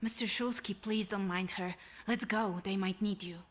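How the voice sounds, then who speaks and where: A woman's voice: mid-range voice, steady tone, normal speed, close to an everyday voice. An actress playing an earnest young woman who is fascinated by magic and speaks in a formal way.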